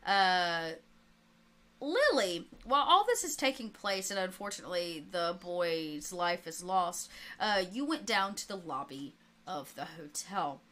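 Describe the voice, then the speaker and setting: A woman narrating as game master of a tabletop game, relaxed and laughing often. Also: lowish voice, a little slow.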